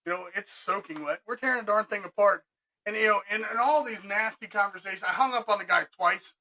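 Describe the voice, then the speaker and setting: Middle-aged man, high bright tense voice, animated storyteller for a casual podcast. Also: quick pace, low-quality recording. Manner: animated, laughing, acts out both sides of conversations. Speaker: restoration business owner telling stories.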